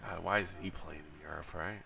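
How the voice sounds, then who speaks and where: A man co-hosting a live watch-along stream, giving casual play-by-play commentary that turns loud and excited on chances. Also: deep voice, a little fast, gravelly, muffled recording, crowd noise. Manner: calls the action and gets loud and excited on chances.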